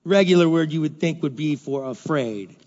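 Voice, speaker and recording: Male pastor, high voice, unhurried sermon delivery, emphatic repetition, dull recording with long hall reverb. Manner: emphatic, repeats phrases, swings from loud to hushed.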